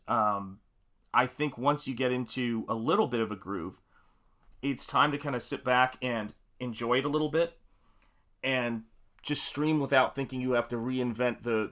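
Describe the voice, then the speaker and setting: A bright, forward-sounding man hosts a casual live stream from his home art studio while he paints. He greets viewers by name with upbeat energy. Between greetings he rambles along loosely, full of fillers. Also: mid-range voice. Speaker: livestream host and painter.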